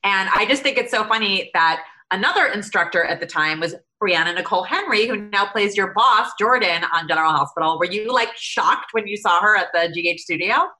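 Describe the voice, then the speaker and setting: A woman's voice: mid-range voice, lively intonation, a little fast, few pauses, pushed and bright. A woman co-hosting a podcast, asking questions casually and teasing her guest. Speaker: podcast co-host.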